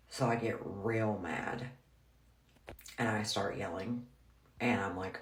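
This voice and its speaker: Speaking in a very deep voice with fairly even intonation, a woman takes her time and pauses often. The storyteller vlogger recounts something personal in a casual, blunt, frank way, using "like" over and over. Her recording sounds roomy and echoey.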